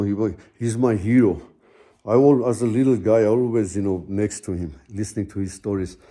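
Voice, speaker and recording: A middle-aged man telling a personal story slowly and haltingly, searching for words with many fillers. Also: lowish voice, mellow. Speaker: guest telling his own story.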